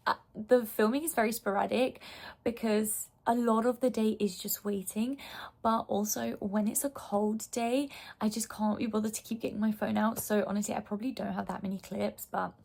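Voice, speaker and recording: A woman's voice: mid-range voice, fairly even intonation, normal speed, gravelly, darkish tone. A young woman vlogging in a casual, gushing way, full of "like" and fond asides. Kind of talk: casual chat.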